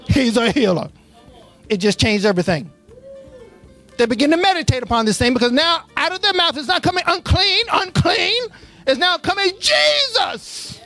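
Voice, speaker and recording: A preacher reading scripture aloud and quizzing the congregation on the missing words, then building into passionate preaching. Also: high voice. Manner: asks the congregation to fill in words; builds from steady Bible reading to impassioned preaching. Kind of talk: sermon with call and response. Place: church.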